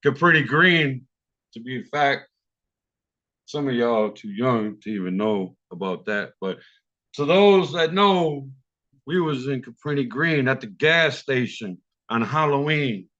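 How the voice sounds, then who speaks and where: Male open mic storyteller, profane and vivid, bright voice, lo-fi call audio. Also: mid-range voice, expressive, unhurried.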